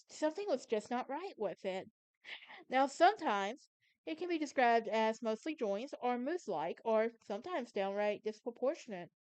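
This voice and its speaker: Chatty Southern woman podcaster, smooth voice. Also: on the high side, darkish tone, no echo. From Alabama. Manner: chatty, self-correcting, stumbles over words. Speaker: podcast host. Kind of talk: casual solo podcast narration.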